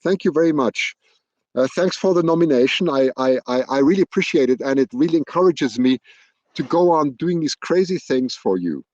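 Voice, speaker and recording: Man, slightly high voice, chatty, thinks aloud, live stream, dry slightly dull audio. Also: expressive, fairly quick, a little mellow, dry recording. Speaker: wildlife livestreamer. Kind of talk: live-streamed casual commentary. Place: outdoors on a hilltop. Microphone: external microphone at a laptop.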